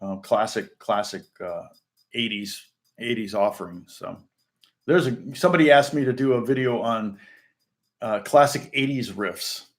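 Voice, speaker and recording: A man's voice: lowish voice, unhurried. A man chatting loosely as a session guitarist answering viewer questions, telling stories with lots of fillers and restarts. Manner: loose and anecdotal, many fillers and restarts, demonstrates on guitar between phrases. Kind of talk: casual rambling chat. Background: guitar playing.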